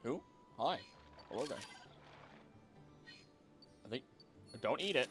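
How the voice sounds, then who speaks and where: A man chatting with his viewers while playing a video game, rambling and bursting into sudden excited reactions. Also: medium pitch, faint music behind. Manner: animated, rambling, quick reactive outbursts. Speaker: game streamer. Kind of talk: live gameplay commentary to chat. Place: home, seated at a computer.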